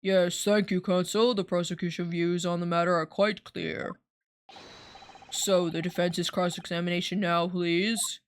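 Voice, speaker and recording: A woman voicing a formal old male judge from a video game, speaking in measured courtroom phrases. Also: on the low side, level tone, a little hiss or hum, natural voice. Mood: stiff.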